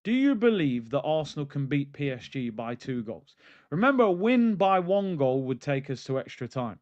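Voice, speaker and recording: A man's voice: on the high side, very animated, moderate pace, a little mellow, no echo, dull audio. A man hosting a live football stream, ranting animatedly and reading out chat comments. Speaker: football channel host. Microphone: streaming mic.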